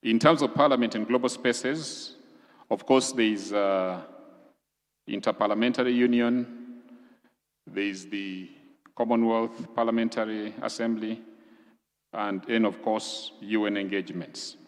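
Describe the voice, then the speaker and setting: A man with a lowish voice gives a formal presentation in a large conference hall, where a long reverb trails after each phrase. He is from Uganda and speaks deliberately, walking listeners through one item after another. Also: fairly even intonation. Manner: measured, explanatory, lists items deliberately. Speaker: government official briefing legislators.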